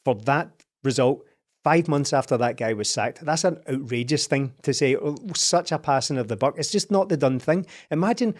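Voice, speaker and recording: A man's voice: medium pitch, normal speed. Wry man in football chat. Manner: wry, incredulous storytelling. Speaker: podcast co-host.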